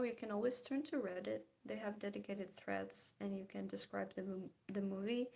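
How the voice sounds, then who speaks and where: Chatting casually and giggling while she paints, a young art vlogger lets her remarks trail away into soft, half-whispered murmurs. Her medium-pitched voice is creaky and a little mellow.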